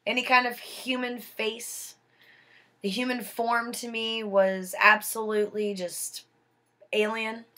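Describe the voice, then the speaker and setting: A woman's voice: medium pitch, bright, forceful tone. A young woman telling a personal story to her viewers in an earnest, emphatic way. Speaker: vlogger.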